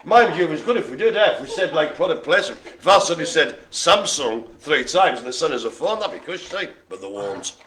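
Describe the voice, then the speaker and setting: Lively, bright-voiced bingo host. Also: male voice, on the high side, fairly quick, few pauses. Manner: jokey, teasing banter. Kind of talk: live-streamed bingo calling.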